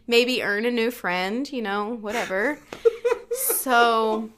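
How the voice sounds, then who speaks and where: A woman co-hosting a casual podcast chat, telling a story in an animated, self-mocking way and laughing often. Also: a little high, slow, a little hiss or hum. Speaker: podcast co-host.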